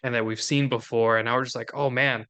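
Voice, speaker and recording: A man's voice: medium pitch, level tone, quick pace, fairly bright tone, clean tone, dull audio. A man co-hosting a golf podcast from Minnesota, chatting casually and upbeat, laughing often. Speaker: podcast co-host. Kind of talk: casual chat.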